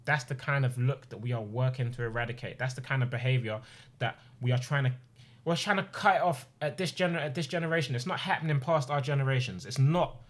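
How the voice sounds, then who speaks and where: In his home streaming room, a man in his twenties talks fast in a mid-range voice about something personal and emotional. His delivery is earnest and impassioned, with phrases repeated for emphasis.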